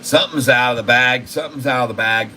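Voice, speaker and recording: A man hosting a stock market livestream, giving casual, excited commentary and talking to his viewers as folks. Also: mid-range voice, fast talker, slight background noise, rough recording.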